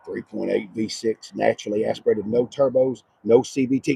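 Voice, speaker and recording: Excitable man, gravelly and husky. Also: on the low side, moderate pace, no echo. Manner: loud, excitable, swings between murmurs and shouts. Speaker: car dealership vlogger. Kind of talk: casual walkaround car review. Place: car dealership lot.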